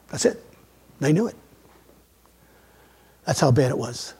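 A man preaching a sermon as a pastor, emphatic, swinging between loud outbursts and quiet asides. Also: fairly high pitch, big pitch swings, unhurried, pauses often, slightly rough. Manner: emphatic preaching with sudden loud rises and soft drops.

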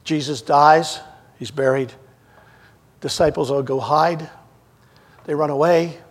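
Husky-voiced preacher telling a story. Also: male voice, fairly high pitch, steady tone, slow. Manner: storytelling, acting out scripture scenes with big swings in loudness. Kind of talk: sermon.

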